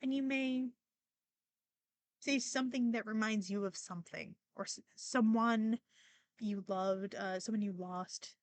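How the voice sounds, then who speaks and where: A woman's voice: fairly high pitch, measured pace, dry recording. A young woman hosting a podcast, talking casually and emotionally with many fillers and restarts, near tears at times. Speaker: podcast host. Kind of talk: casual personal monologue.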